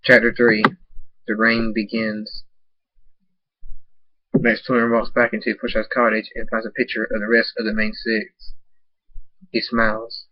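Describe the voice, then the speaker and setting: Husky man reading a story. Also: on the low side, monotone, no room sound. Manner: halting, with restarts. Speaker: fan fiction reader. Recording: dull dry lo-fi recording.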